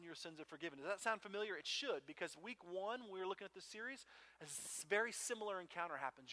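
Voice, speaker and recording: A man preaching from the pulpit with a bright, forceful voice that sits a little high. He tells stories in a relaxed, conversational way and keeps asking "right?" as he goes. He is middle-aged and speaks as the pastor. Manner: storytelling, conversational with frequent "right?" asides. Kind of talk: sermon.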